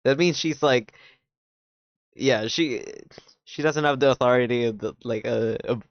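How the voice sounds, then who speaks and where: A man streaming, casually recapping a drama's plot in an animated way, swearing often and filling his talk with "like". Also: mid-range voice, unhurried, no room sound. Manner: animated, swears a lot, fills with "like". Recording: dull, dry, lo-fi mic sound.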